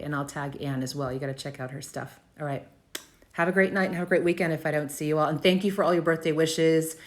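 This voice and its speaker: A woman in her fifties with a low-pitched voice, chatting off the cuff on a live stream. She riffs freely and circles back to repeat her key phrases for emphasis. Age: 50s. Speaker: host of a live video for business owners.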